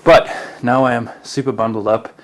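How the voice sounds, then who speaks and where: A young South African man vlogs upbeat winter hiking tips in a mid-range voice at normal speed, his intonation fairly even. His chatty delivery is packed with "like" fillers.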